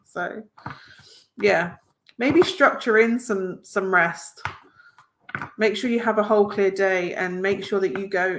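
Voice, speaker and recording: A woman's voice: mid-range voice, takes it slowly, long pauses, slight background noise. Chatty woman hosting a card-reading live stream. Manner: chatty, rambling, encouraging, reads comments aloud. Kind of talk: casual live-stream chat with viewers.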